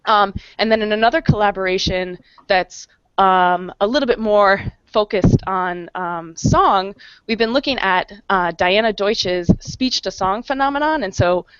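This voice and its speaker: A woman's voice: mid-range voice, a little slow, no room sound. Academic woman in her thirties explaining her work over a video call, dull dry sound. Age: 30s. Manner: clear explanatory tone with frequent ums and restarts. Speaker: panelist, psychology professor. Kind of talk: explaining research on an online panel.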